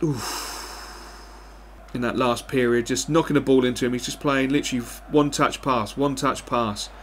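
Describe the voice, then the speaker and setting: A young man giving animated live commentary over a football video game, swinging between excitement and frustration and swearing often. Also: medium pitch, moderate pace, slight background noise. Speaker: gaming commentator.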